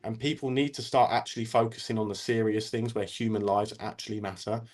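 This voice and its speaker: A man's voice: on the low side, steady tone, brisk, a little mellow. A man ranting casually as a guest on a talk stream, blunt and full of swearing.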